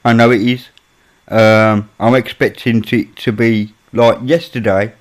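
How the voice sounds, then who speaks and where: A man's voice: medium pitch, flat delivery, unhurried. Chatty Birmingham man. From Birmingham, England. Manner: chatty, mutters while working on his computer. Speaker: live-stream host. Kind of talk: casual chat with chat readers.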